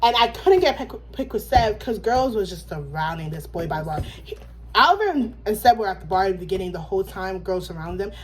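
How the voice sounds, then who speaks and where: A young woman co-hosting a vlog, chatting casually and gushing, quick to laugh. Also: mid-range voice, lively intonation. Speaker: vlog co-host. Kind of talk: casual chat.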